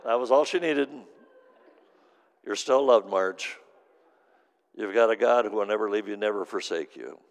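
A middle-aged man preaching a sermon as pastor, telling stories and swinging from hushed to loud. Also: lowish voice, normal speed, long pauses. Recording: long hall reverb.

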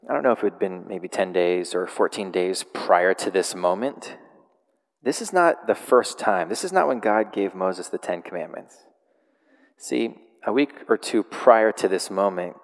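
A man preaching a sermon, retelling a scripture story in a casual, animated way with frequent laughs. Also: lowish voice, long reverb tail. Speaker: pastor.

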